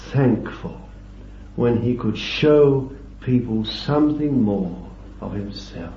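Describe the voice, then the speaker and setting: Slow, deliberate preacher in an echoey hall. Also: male voice, mid-range voice, lively intonation, mellow, a little hiss or hum. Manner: slow, deliberate Bible exposition with emphatic stresses. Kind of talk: sermon. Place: meeting hall with a small group. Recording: echoey, distant, dull lo-fi recording.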